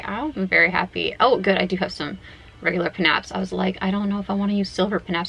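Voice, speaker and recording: Chatty woman with a gravelly voice. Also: medium pitch, a little fast, low-quality recording. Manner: chatty, excitable, talks to herself. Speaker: vlogger. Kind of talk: casual gaming vlog.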